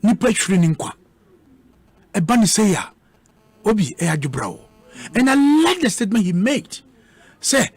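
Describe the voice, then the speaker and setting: Ghanaian man, heated radio debate, husky voice, hammers on repeated words. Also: high voice, big pitch swings, moderate pace, pauses often, darkish tone, dry recording. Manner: combative, repeats words for emphasis, mixes in Twi. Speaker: politician guest on a radio debate.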